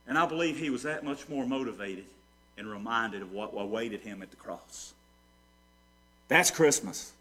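A man preaching a sermon, moving from hushed storytelling to ringing rhetorical questions that he answers himself. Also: medium pitch, animated, moderate pace, slightly rough. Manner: preaching with sweeping swings between soft and loud. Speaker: pastor.

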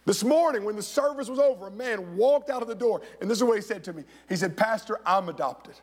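Fast and darkish in tone, this man's voice sits high as he preaches a sermon in a church sanctuary. As pastor, he tells stories and acts out the voices of the people in them, against the echo of the hall.

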